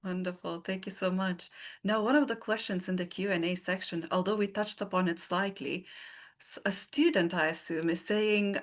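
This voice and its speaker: A woman's voice: lowish voice, fairly even intonation, normal speed. A woman moderating an online webinar, reading out audience questions in a friendly way over a video call.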